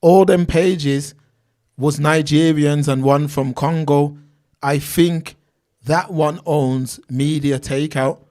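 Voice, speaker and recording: Stream host, man, slightly high voice, reads chat aloud in loose slang. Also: steady tone, slow pace, a little mellow. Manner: reads out viewer names and comments, street slang. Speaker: livestream host reading chat. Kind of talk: casual livestream chat.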